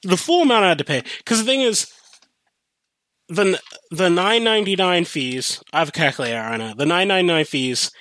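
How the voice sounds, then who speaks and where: A young man hosting a podcast, telling a rambling, profane story in a casual, animated way with many restarts. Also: high voice, a little fast, no room sound. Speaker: podcast host.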